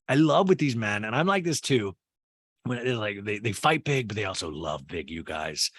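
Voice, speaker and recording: A man hosting a casual, comedic recap, animated and swearing, often quoting people in put-on voices. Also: on the low side, normal speed, dry recording. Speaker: podcast host recapping a reality show.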